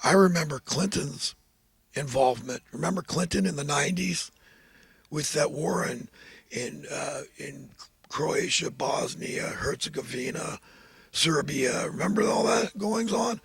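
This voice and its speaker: Raspy, high-voiced man preaching fervently. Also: expressive, unhurried, dry recording. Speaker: host. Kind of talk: impassioned political monologue.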